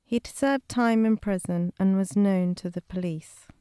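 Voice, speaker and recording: A woman reads documentary narration in a measured, factual way. Her voice is smooth and mellow, recorded dry and close with no room sound. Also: medium pitch, no echo. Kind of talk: scripted narration.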